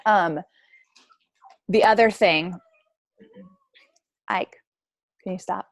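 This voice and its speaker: A woman's voice: mid-range voice, drawn-out words, no echo. A woman in her thirties coaching her team on a call, talking in a casual, chatty way with lots of "like" and "right?".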